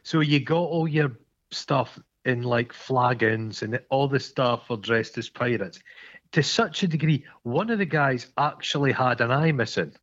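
Scottish male co-host, mid-pitched, wry and rambling, lo-fi sound. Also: unhurried, a bit bright. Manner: rambling, stammering restarts, wry. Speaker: podcast co-host. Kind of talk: casual chat. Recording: dull lo-fi sound.

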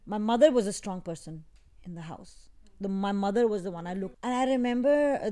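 Woman talking soft and halting, lots of restarts, mid pitch, personal interview. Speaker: interview guest. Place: in England.

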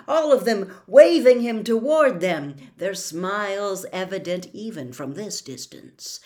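A woman storyteller reading a novel aloud with expressive, dramatic delivery. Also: mid-range voice.

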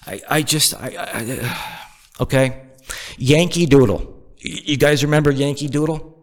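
A man's voice: mid-range voice, measured pace, long pauses. A man from the Northeast US delivering a profane comedic rant, firing off exasperated rhetorical questions.

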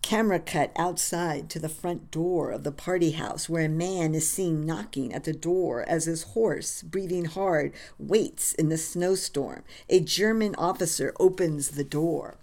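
A woman narrates a scripted historical story, reading scene directions in a measured way. Her voice is low and the pace is very slow and deliberate. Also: gravelly, darkish tone. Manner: measured, reads stage directions.

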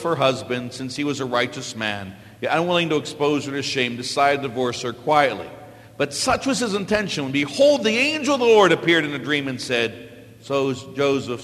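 High-voiced priest preaching in a hall. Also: male voice. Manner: storytelling homily, big swings from low asides to loud exclamations. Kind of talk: sermon. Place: church.

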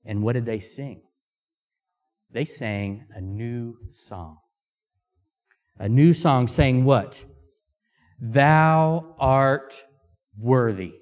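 A man preaching a sermon, reading scripture aloud and pausing to ask the congregation questions, with Amharic as his first language. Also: mid-range voice, a little mellow. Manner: slow, deliberate pacing with emphatic pauses. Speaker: missionary preacher.

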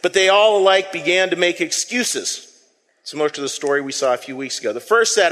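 A man preaching a sermon, telling the story in a lively way with acted quotes and asides to the congregation. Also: fairly high pitch, fast talker, in a large hall. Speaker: pastor.

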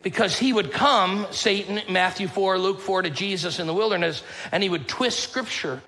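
Higher-voiced joking pastor. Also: male voice, normal speed, bright, forceful tone, rough recording. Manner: conversational, joking storyteller with a casual drawl. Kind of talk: sermon.

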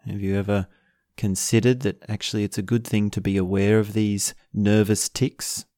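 A man hosts a self-help video, explaining a practical tip in a casual monologue that's playful and wandering, with bursts of laughter. His voice is on the low side and mellow, with a level tone and moderate pace, recorded in clean studio quality with no echo.

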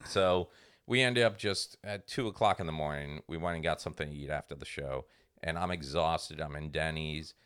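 A man's voice: very deep voice, normal speed, a bit bright, clean tone. A man in his forties telling a story in casual chat, profane and exasperated, acting out the other people in it. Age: 40s. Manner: profane, exasperated ranting with acted-out quotes. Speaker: comedian podcast co-host.

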